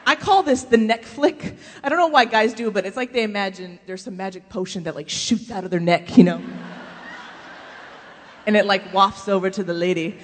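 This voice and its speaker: A woman giving a humorous faith testimony to a live audience, telling animated stories, acting out other people's voices and laughing often. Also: medium pitch, moderate pace. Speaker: speaker giving a faith talk. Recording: long hall reverb.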